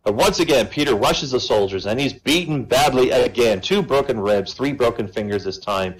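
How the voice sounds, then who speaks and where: A man telling jokes at a comedy show, relaxed and chatty, with asides to the audience. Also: mid-range voice, moderate pace, breathy edge, low-quality recording. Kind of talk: stand-up joke telling.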